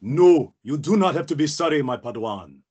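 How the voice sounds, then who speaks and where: A man voicing a calm, wise male aquatic alien Jedi with a gentle lilt. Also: fairly high pitch, breathy edge. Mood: reassuring. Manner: serene, slow, gentle lilt.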